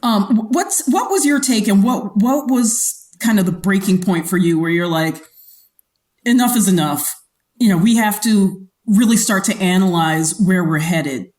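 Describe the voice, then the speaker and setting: A woman's voice: medium pitch, moderate pace, few pauses, a little mellow. Chatty woman host, laughs a lot. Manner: chatty, laughs often, many restarts. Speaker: podcast host. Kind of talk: casual interview chat.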